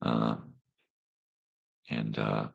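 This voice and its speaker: Middle-aged male stream host, very low and raspy, dry close mic, loose rambling slangy chat with viewers. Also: monotone, extremely slow, no echo, highs cut off. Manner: rambling, laid-back slang.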